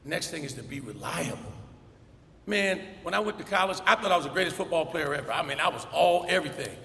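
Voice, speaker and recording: A middle-aged man giving a motivational commencement speech, telling stories and acting out the dialogue with lively energy. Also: fairly high pitch, quick pace, gravelly. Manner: storytelling with energetic acted-out dialogue. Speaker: commencement speaker. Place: large hall. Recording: echoey hall, faint ambience.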